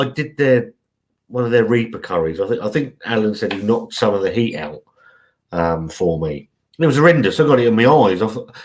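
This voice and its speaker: Bloke in his 40s, low voice, rambling and swearing on a live stream. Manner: rambling, chatty, swears freely. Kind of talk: casual live stream chat.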